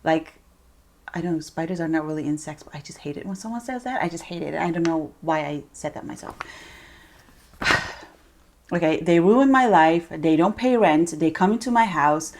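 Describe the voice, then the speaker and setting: Chatty, animated young woman vlogger. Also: low-pitched, normal speed, slight background noise. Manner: chatty and animated, with playful asides. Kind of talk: casual talk to camera.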